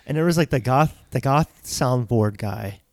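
Man, 40s, casual podcast talk, stammering restarts, medium pitch, dry recording. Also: moderate pace, gravelly, dry recording. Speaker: podcast co-host. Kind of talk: casual chat.

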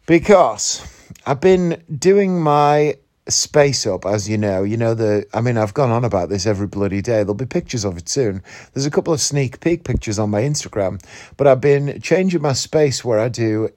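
A man's voice: mid-range voice, animated, normal speed, a little mellow. Groggy man with a slight northeast twang. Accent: slight northeast English. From northeast England. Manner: rambling, chatty, self-mocking. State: groggy, just woken up. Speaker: podcast host. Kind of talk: casual morning podcast monologue. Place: in bed at home.

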